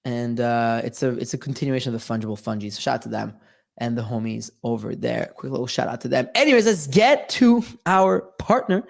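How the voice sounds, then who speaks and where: A man's voice: mid-range voice, expressive, a little fast, gravelly. A man hosting a casual livestream, talking in a loose, slangy way with lots of fillers. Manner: loose, slangy, restless talk with many fillers. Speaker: host.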